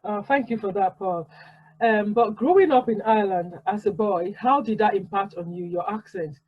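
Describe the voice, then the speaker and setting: High-voiced male interviewer, husky and muffled. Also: normal speed. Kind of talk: interview questions.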